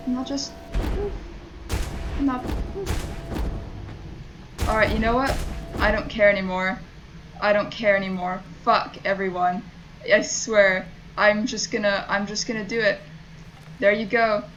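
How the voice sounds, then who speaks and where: A woman's voice: medium pitch, fairly even intonation, moderate pace, over music, poor audio. A woman streaming a game, talking to herself and her chat in frustrated, swearing casual commentary. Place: home streaming setup.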